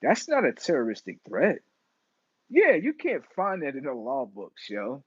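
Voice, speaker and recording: Slangy young man streaming, husky voice. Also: mid-range voice, unhurried, no echo, lo-fi sound. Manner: animated, slangy, swings between loud and mumbled. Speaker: livestream host. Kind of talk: casual livestream monologue.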